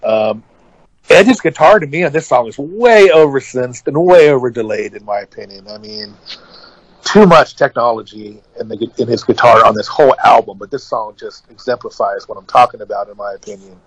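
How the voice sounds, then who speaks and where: A man's voice: medium pitch, lively intonation, normal speed, no echo, poor audio. A man co-hosting an album review podcast, giving short, dismissive verdicts. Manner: curt, dismissive, dry. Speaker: podcast co-host. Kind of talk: casual album review chat.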